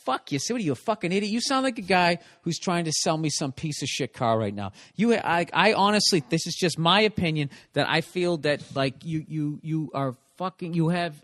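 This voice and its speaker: A man's voice: on the high side, lively intonation, moderate pace, few pauses, fairly bright tone, no room sound. A man hosting a podcast, ranting profanely and emphatically in casual comedic chat. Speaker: podcast host.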